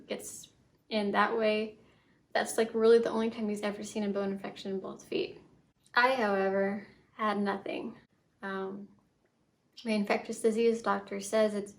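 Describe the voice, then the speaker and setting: A young woman telling her own story in a vlog, soft and halting, with many fillers and restarts. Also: medium pitch. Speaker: vlogger.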